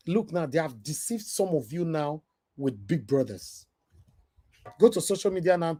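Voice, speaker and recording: Animated high-voiced man with a Nigerian Pidgin accent. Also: moderate pace. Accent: Nigerian Pidgin English. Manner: animated, emotional, switching from loud to soft. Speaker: vlogger. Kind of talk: commentary rant.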